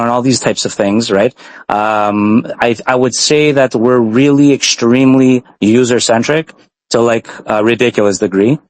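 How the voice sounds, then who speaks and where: A man's voice: mid-range voice, dry recording. A man from Montreal, a guest on a live stream interview, explaining his company earnestly at length with frequent fillers. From Canada, Montreal.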